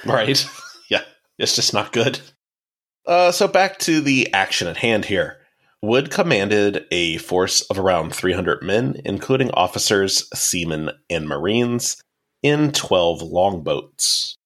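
Man, low voice, podcast host, casual history narration, wry asides. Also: very animated, takes it slowly, a bit bright. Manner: wry, explanatory storytelling.

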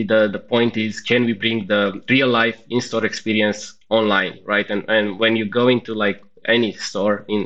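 A man answering as a guest on a podcast, explaining things step by step, often checking in with "right?" and pausing on "uh". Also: on the low side, a bit bright, lo-fi sound. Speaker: podcast guest, customer success executive. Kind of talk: conversational interview answers.

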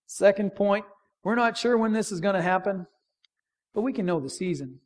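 A middle-aged man preaching a sermon in a church, emphatic, repeating key phrases and dropping to a near hush for stress. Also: high voice, animated, moderate pace. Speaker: pastor.

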